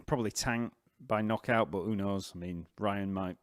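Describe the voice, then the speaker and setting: A man's voice: fairly low pitch, moderate pace, no echo, clean studio sound. Chatty Yorkshire man hosting a livestream. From Yorkshire, northern England. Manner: chatty and rambling, reads out viewer comments. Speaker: bass teacher hosting a live stream. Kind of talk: casual live-stream chat.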